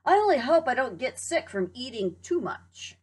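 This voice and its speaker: Fretful storybook hen, high and alarmed, voiced by a woman reading aloud. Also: sing-song, normal speed, slightly rough, full character voice. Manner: high, worried exclamations. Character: anxious fretful female hen.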